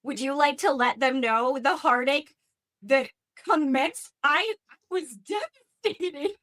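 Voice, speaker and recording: Bright-voiced woman gushing about books. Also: high-pitched, slow pace. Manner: enthusiastic, gushing, swears casually. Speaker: podcast host. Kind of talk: casual book chat.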